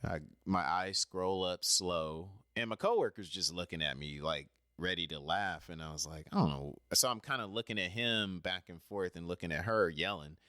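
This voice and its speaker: A man's voice: low voice, moderate pace, hardly any pauses, sharp tone, no room sound, clean studio sound. A man telling a personal story in a casual, rambling way, talking straight to the listener and apologizing when he drifts off topic. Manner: chatty, talks straight to the listener.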